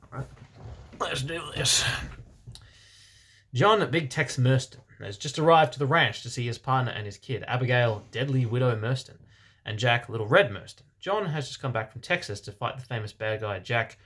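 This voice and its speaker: A man reading fan fiction aloud for comedy, deadpan, with sarcastic asides. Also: medium pitch, normal speed.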